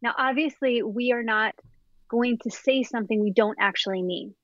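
A fairly high-pitched woman talks openly and eagerly about intimacy as a podcast guest, laughing often. The recording is dry and a little dull, like lo-fi podcast audio. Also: no echo. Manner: candid, enthusiastic, quick to laugh. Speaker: somatic sexologist guest. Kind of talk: frank instructional podcast talk.

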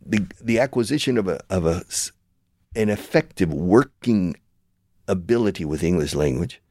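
A man's voice: sits low, a little mellow, no echo, clean studio sound. An older man hosting his own show, explaining a point emphatically and teacherly, often restarting mid-sentence. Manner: emphatic and lecturing, with many restarts. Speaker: show host and language school founder. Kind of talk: conversational interview, teacherly explaining.

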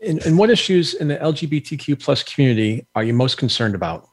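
A man's voice: mid-range voice, expressive, fast talker, slightly rough. A man hosting an interview, putting direct, prepared questions to his guest. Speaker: interview host.

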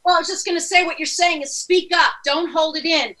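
A woman's voice: extremely high pitch, steady tone, brisk, pushed and bright. A woman co-hosting a radio talk show, chatting eagerly. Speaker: co-host.

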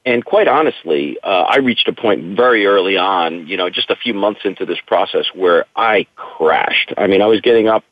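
A man's voice: low voice, expressive, moderate pace, hardly any pauses, dry recording. A middle-aged man, a guest in an interview, telling his own story in an earnest, reflective way. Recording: tinny dry phone line.

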